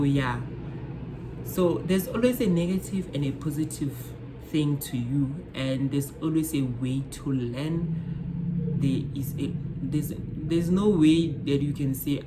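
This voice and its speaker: A woman's voice: extremely low pitch, background noise. A young South African woman vlogging to camera, giving casual advice in an emphatic, repetitive way and addressing her viewers directly. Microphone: phone camera mic.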